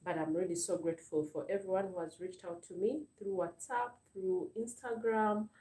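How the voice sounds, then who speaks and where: This channel host, a woman speaking Ugandan-accented English, has a warm mid-range voice that stays steady at an ordinary pace. Her live-stream talk is relaxed and sincere, packed with gratitude, repeated words and fillers. The mic is distant, giving a roomy, slightly off-mic sound.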